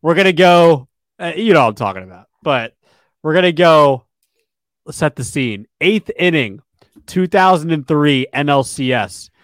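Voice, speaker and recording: A man's voice: fairly high pitch, a little slow, no room sound. A man in his twenties co-hosting a sports podcast, chatting casually and telling stories with many fillers. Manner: relaxed, storytelling with fillers. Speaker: podcast co-host.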